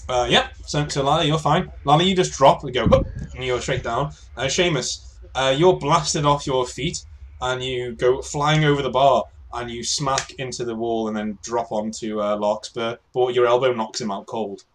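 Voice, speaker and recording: A man running a tabletop role-play game, narrating scenes and calling for dice rolls in a halting, filler-heavy way. His voice sits at a middle pitch. A faint hiss of noise runs under the recording. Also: fairly bright tone. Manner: hesitant, many fillers and restarts. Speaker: game master.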